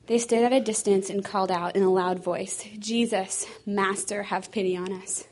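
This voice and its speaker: A woman's voice: mid-range voice, fairly even intonation, moderate pace, a little mellow. A woman reading a Bible passage aloud, a little out of breath. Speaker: scripture reader.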